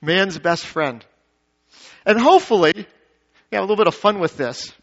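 A male pastor preaching to his congregation, swinging from emphatic peaks to quiet low asides and asking the crowd questions. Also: animated, moderate pace. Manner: dynamic preaching, rising to emphatic peaks then dropping low. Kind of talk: sermon. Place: church sanctuary. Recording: dull lo-fi sound.

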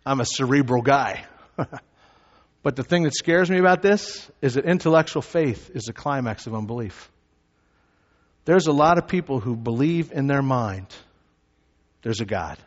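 A pastor preaching a sermon. He moves from measured teaching to loud, shouted emphasis. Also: medium pitch. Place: church sanctuary. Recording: reverberant hall, slightly dull sound.

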